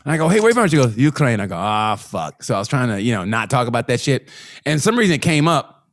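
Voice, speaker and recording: A man's voice: mid-range voice, expressive, quick pace. Profane laughing podcast co-host man. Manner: profane, laughing, acts out quoted voices. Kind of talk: crude comedic banter.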